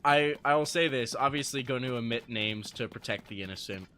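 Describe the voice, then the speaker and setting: A man's voice: mid-range voice, fairly quick, pushed and bright, slight background noise. A young adult man streaming live, telling casual stories to his chat, swearing freely and laughing often.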